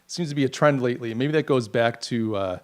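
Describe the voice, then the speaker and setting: A middle-aged man hosting a podcast, talking in a rambling, animated monologue with mocking asides. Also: medium pitch, a little fast. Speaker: podcast host. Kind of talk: casual opinion monologue.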